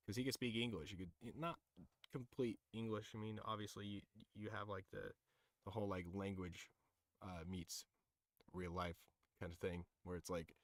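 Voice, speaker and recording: A man's voice: lowish voice, fairly even intonation, moderate pace, no echo, studio quality. A man streaming, chatting casually about music and anime in a loose, profane, rambling way with lots of fillers. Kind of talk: casual livestream chat.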